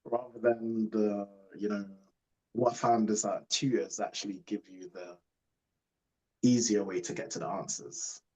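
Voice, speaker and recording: A young man from Jamaica telling his life story in a casual interview, relaxed and rambling with many fillers. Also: on the low side, a little slow, poor audio. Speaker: guest.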